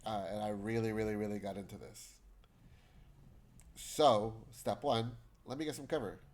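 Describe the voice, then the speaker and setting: A man's voice: on the low side, steady tone, moderate pace, darkish tone. A man streaming a video game, reading the dialogue aloud in shifting voices and chatting between lines. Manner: chatty, trails into asides.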